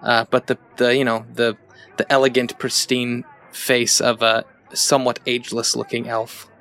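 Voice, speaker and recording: A man playing a tabletop game, describing his character with frequent hesitations and restarts. His voice is bright and forceful. He speaks at a middling pitch. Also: level tone, moderate pace. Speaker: player.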